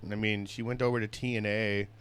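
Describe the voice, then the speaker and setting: A man co-hosting a podcast, chatting casually in a relaxed, matter-of-fact way and agreeing readily. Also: on the low side, a little fast, smooth. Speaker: podcast co-host. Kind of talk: casual wrestling recap chat.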